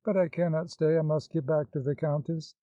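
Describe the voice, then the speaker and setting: A man's voice: a little high, fairly even intonation, brisk, warm tone, no room sound, natural voice. A man reading the part of an anxious, devoted older woman with a pleading, fretful manner, in a dull, dry recording.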